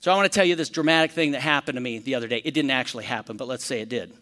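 In a mid-range voice with a long reverb tail, a male pastor leads a Bible study in a conversational way. He poses questions to the room and plays out brief, animated story examples.

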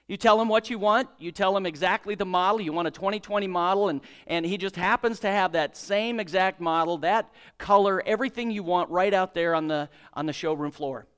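A male preacher with a fairly high, clear, resonant voice. He talks in a conversational storytelling way and acts out the dialogue of his story. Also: a little fast, few pauses, a bit bright. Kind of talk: sermon with prayer and storytelling.

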